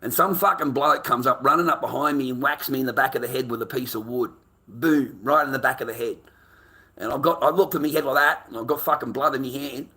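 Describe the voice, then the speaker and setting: A middle-aged Australian man telling a rambling, profane story in casual talk, brash and quick to laugh. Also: mid-range voice, bright, forceful tone. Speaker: vlogger.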